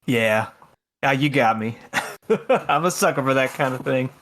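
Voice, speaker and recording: A man doing a wheedling con man who keeps pressing with friendly, pushy questions. The voice sits at an ordinary male pitch, close to the player's own, in a tabletop role-play. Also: measured pace, a bit bright. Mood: coaxing. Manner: coaxing, pushy.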